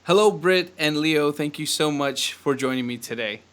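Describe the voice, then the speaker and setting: A man hosting a podcast in an energetic, fast-talking way, laughing often. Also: a little high, smooth. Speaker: podcast host. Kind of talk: casual upbeat podcast chat.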